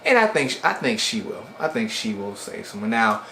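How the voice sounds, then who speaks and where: A man casually recapping webcomic chapters for his channel, retelling scenes with slangy asides and quick voiced-out lines for the characters. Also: mid-range voice, big pitch swings, pushed and bright, echoey room, a little hiss or hum. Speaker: webcomic reviewer.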